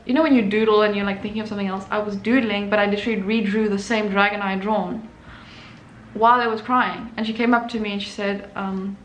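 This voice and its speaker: A woman's voice: mid-range voice, steady tone, fast talker. A young adult woman, an artist hosting her own channel, telling a personal story in a chatty way with many fillers and restarts. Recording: echoey room with faint noise.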